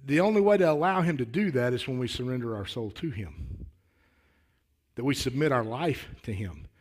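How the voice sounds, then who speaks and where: A man preaching a sermon in a folksy, earnest way, often repeating words as he starts a thought and building to louder, emphatic declarations. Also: medium pitch, very animated, normal speed, breathy edge. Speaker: lay preacher.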